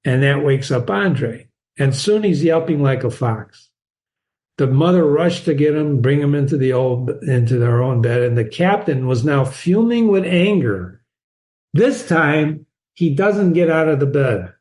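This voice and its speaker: A man's voice: a little high, expressive, unhurried, a little mellow. A man casually breaking down a short story for students, asking rhetorical questions and reading quoted lines aloud. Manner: chatty, frequent rhetorical "right?". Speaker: literature teacher. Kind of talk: conversational story analysis.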